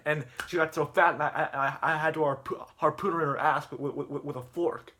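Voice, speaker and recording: A man's voice: fairly high pitch, fairly even intonation, fairly quick, sharp tone, pitched above the performer's own voice. A man voicing a boastful middle-aged guy who rambles through jokes about his wife. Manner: brash, rambling punchlines.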